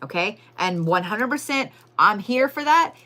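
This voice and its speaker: A woman's voice: mid-range voice, animated, measured pace, bright, forceful tone. A woman giving a casual, profane live crystal and zodiac reading, chatting to viewers as y'all. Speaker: livestream tarot and crystal reader.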